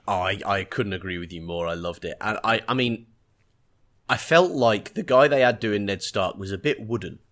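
A man's voice: on the low side, moderate pace, a bit bright. A man with an English accent chatting on a podcast about a TV episode, enthusiastic and reflective, often searching for his words. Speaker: podcast co-host. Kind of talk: casual chat reviewing a TV episode.

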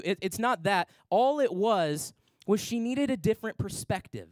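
A man's voice: high-pitched, normal speed, no room sound. A young man preaching a sermon in a large church, telling stories and acting out the voices in them. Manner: animated storyteller, acts out voices. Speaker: pastor. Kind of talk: sermon with storytelling. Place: large church worship center.

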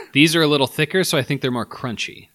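A man co-hosting a casual food-tasting podcast, playful and quick to laugh. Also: on the high side, huge pitch swings, pushed and bright, dry recording. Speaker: podcast co-host. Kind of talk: casual chat.

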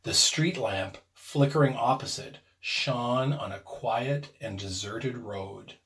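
A man narrating a ghost story in a suspenseful, expressive dramatic reading. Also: medium pitch, takes it slowly.

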